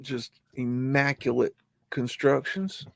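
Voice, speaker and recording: A rambling man with a drawl talks through pictures in a loose, unhurried way, his voice sitting at an ordinary middle pitch. The sound is close and dry, with no room around it. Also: level tone, no echo. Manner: rambling, scolds his dog in a rough drawl. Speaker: host of a live stream. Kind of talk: casual live commentary over old photos.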